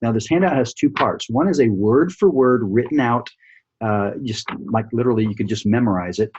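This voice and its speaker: Coaching a sales training via screen share, a man keeps asking "right?" and "okay?" and uses fillers as he thinks aloud in a casual way. His medium-pitched, slightly mellow voice moves a little fast, on a lo-fi recording with a bit of hiss or hum.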